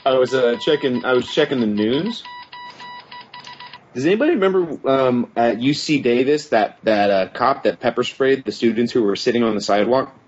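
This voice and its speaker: A man's voice: mid-range voice, expressive, moderate pace. A man co-hosting a podcast in casual chat, bringing up news stories with wry jokes. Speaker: podcast co-host. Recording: dull lo-fi podcast audio.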